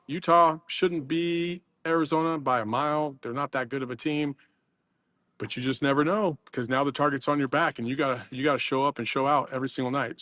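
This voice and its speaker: A man's voice: mid-range voice, a bit bright, dry recording, studio quality. A man talking basketball as a guest analyst on a postgame show, loose and rambling with plenty of fillers. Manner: rambling, loose, laughs often. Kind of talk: casual postgame chat.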